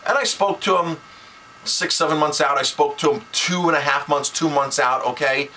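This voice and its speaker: A chef and restaurant owner talking straight to camera, animated and exasperated, often restarting his sentences. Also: fairly high pitch, normal speed, slight background noise, low-quality recording. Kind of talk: casual to-camera rant.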